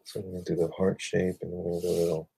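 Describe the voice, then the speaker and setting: A man talks casually with his viewers as he draws, rambling and muttering to himself between thoughts. His voice is low, gravelly and husky, yet lively in pitch. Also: very fast. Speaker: artist livestreaming while drawing. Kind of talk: casual chat while drawing.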